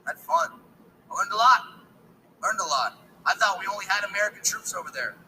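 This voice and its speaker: A man doing stand-up comedy, telling an animated story full of acted-out voices. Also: sits high, fairly quick, a little hiss or hum, poor audio.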